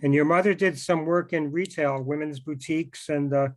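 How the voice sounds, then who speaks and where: A man's voice: on the high side, fairly even intonation, moderate pace. Man interviewing over a video call. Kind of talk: conversational interview.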